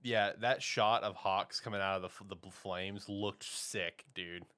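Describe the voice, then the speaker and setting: A young man co-hosting a podcast, chiming in with quick, excitable agreement. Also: deep voice, clean tone. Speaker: podcast co-host. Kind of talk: casual anime chat.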